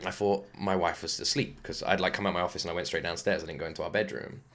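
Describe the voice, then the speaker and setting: A British man with a slightly low voice talks casually to the camera in his home office. He rambles excitedly, packing his stories with fillers like "like" as he hosts a music reaction channel. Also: fast. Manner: rambling, excitable storytelling with lots of "like".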